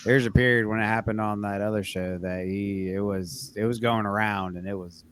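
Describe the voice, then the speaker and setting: A man's voice: on the low side, steady tone, moderate pace, a little hiss or hum. A man appearing as a podcast guest, talking in a laid-back, easygoing way full of casual slang.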